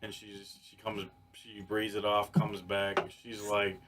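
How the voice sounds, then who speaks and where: A man on a podcast telling a story in casual chat, animated and profane, with many restarts. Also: lowish voice, measured pace, music in the background. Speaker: podcast co-host.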